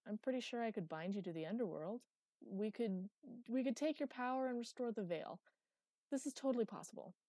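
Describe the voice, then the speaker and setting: A woman's voice: on the high side, animated, a little fast, warm tone, dry recording, voice pushed up. A woman voicing an eager, anxious young goddess who talks in a hopeful rush.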